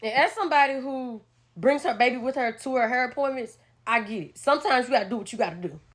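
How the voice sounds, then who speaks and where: A woman's voice: a little high, fast talker. A woman giving brash, profane reaction commentary. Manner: profane, brash, animated ranting.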